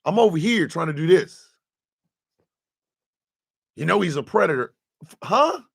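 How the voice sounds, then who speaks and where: A man with a gravelly, rough-edged voice pours out an emotional monologue to his listeners. His pitch rises and falls in lively swings, cursing freely as he moves between hushed admissions and loud outrage. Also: normal speed. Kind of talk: impassioned monologue.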